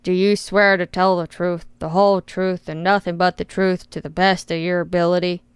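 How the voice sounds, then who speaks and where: A woman's voice: fairly low pitch, level tone, moderate pace, smooth, dry recording, close to an everyday voice. A woman voicing an aging male congressman who sounds bored, mocking and falsely friendly in an audiobook. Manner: faux-friendly, patronizing. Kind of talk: audiobook character voice.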